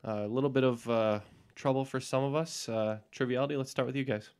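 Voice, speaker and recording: A man's voice: mid-range voice, steady tone, fast talker, darkish tone, smooth. A man hosting a podcast trivia game who reads out famous movie lines with a little flourish. He calls on each team in turn and keeps things moving. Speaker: quiz host.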